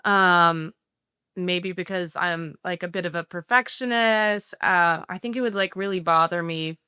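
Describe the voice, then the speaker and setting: A woman's voice: lowish voice, steady tone, measured pace, pushed and bright, smooth, dry recording, studio quality. A woman guest on a podcast, talking casually and chattily about her design work, with lots of "like" fillers.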